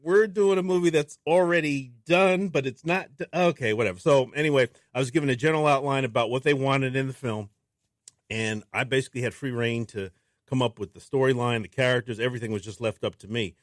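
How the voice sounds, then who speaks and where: A man, a filmmaker guest on a radio show, talking in a casual, animated way and acting out what people said to him. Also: mid-range voice, fairly quick, dry recording, studio quality. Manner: animated storyteller who acts out quotes. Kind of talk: casual interview talk. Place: radio studio.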